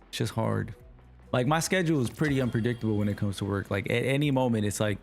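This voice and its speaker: Laid-back New York streamer. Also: male voice, mid-range voice, racing, vocal fry, soft background music. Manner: relaxed, slangy, talks to chat. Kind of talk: casual livestream chat while gaming.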